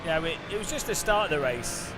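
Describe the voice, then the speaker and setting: A man hosting a sim racing video, giving excitable, incredulous gameplay commentary with bursts of laughter. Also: a little high, fast talker, very noisy. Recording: background music under voice.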